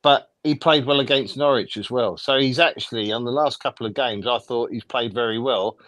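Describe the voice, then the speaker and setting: A man co-hosting a casual football fan show, talking in a relaxed, matter-of-fact way. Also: mid-range voice, a little fast. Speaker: co-host.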